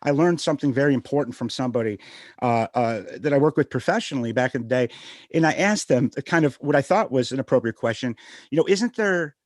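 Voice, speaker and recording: A man's voice: mid-range voice, quick pace, a little mellow, dry recording, studio quality. Earnest, reflective man on a radio show. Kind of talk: conversational radio interview.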